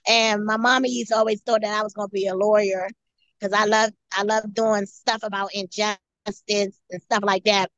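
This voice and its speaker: A woman guest giving an earnest personal testimony, halting and often repeating or restarting her phrases. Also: medium pitch, little pitch movement, fairly bright tone, no echo, muffled recording. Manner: earnest storytelling.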